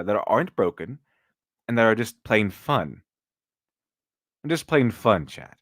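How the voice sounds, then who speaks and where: A man's voice: fairly low pitch, no room sound, studio quality. Rambling sarcastic male stream host. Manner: rambling, with many restarts and fillers; sarcastic, mocking critics in put-on quotes. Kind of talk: casual live-stream commentary.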